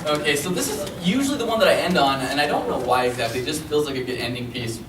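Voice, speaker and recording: A man performing spoken word poetry with expressive delivery and dramatic pauses, also chatting casually between pieces. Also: mid-range voice, heavy background noise. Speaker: performance poet. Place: library event room. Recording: echoey room, mic from far off.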